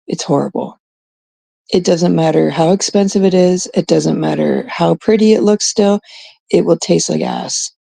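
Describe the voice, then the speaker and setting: A woman's voice: lowish voice, gravelly, warm tone, husky, dry recording. A woman from Canada chatting in a blunt, profane, rambling way, full of fillers, telling a story as a vlogger. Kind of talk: casual storytelling rant.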